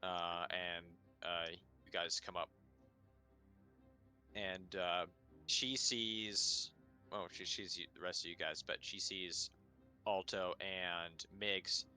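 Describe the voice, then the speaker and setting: A man running a tabletop game as dungeon master, narrating casually with many pauses and fillers. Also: low-pitched, steady tone, pushed and bright, soft background music.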